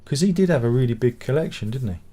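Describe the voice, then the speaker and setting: A man's voice: mid-range voice, animated, quick pace, dark tone. Rambling man reading chat. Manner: rambling, exclamatory, sweary. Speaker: channel host. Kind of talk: live stream chat, reading viewer comments.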